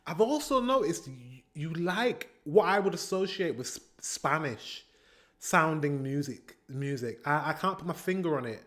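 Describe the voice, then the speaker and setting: A man's voice: a little high, expressive, moderate pace, fairly bright tone. A British man giving chatty, rambling commentary while reacting to music, laughing often between remarks. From Britain. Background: faint pop music playing.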